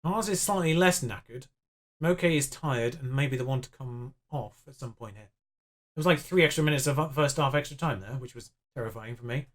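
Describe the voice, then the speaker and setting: A young man commentating on his own football management game, excitable and self-mocking, pleading with the players on screen. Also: mid-range voice, moderate pace. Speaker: gaming YouTuber.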